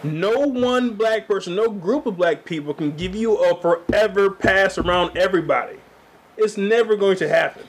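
A man's voice: high-pitched, moderate pace, slight background noise. A man co-hosting a podcast in casual chat, blunt, emphatic and opinionated. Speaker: podcast co-host.

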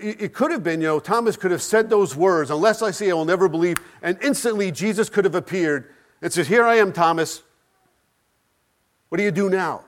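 A man preaching a sermon, building with repeated phrases, rhetorical questions and dramatic pauses. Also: high-pitched.

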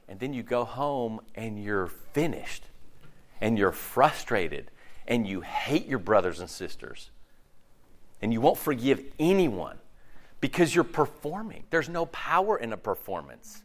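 Guy preaching, kinda high voice, bounces all over in pitch, acts stuff out. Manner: animated, acts out quoted voices, swings loud and quiet. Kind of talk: sermon.

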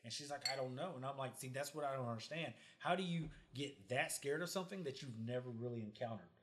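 A man's voice: mid-range voice, quick pace, a bit bright. A man in casual podcast chat, telling blunt, profane stories about snakes and people.

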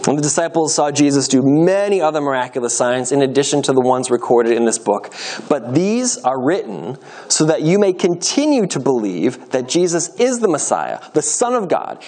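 Guy reading the bible aloud, expressive, pace shifts around, slightly high voice. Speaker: scripture reader.

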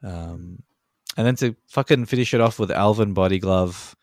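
A man with a very low voice talks through a casual podcast conversation, loose and unpolished, swearing freely and dropping plenty of ums. He chuckles as he goes. The sound is close and dry, with no room around it. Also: moderate pace, darkish tone, no echo. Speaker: podcast co-host.

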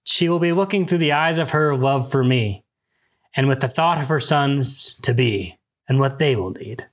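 A man voicing a young male desert ruler, calm and commanding, speaking in a solemn, measured way in a book retelling. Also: mid-range voice, lightly acted.

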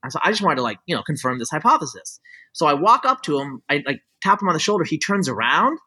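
A man's voice: on the high side, big pitch swings, quick pace, bright, forceful tone, husky, low-quality recording. A middle-aged man in casual conversation, explaining his views at length in looping sentences full of fillers and restarts. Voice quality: talks in looping restarts with many "like" and "you know" fillers. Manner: explanatory, opinionated.

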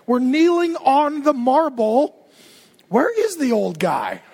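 A man preaching a sermon while voicing a crowd of impatient worshippers, shouting and complaining. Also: very high voice, big pitch swings, slow pace, vocal fry, voice pushed up, exaggerated voice. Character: impatient worshippers waiting outside, a group.

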